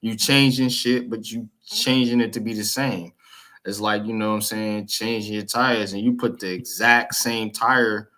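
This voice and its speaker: A man's voice: lowish voice, fairly even intonation, normal speed, sharp tone. A man hosting a casual sports chat, blunt and profane, repeating "man" as he talks.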